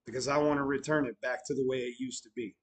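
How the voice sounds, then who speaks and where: A middle-aged man casually telling stories about his new bar, animated, swearing now and then, swinging from loud bursts to low mutters. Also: quick pace, low-quality recording. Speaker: bar owner vlogger. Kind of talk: casual storytelling vlog.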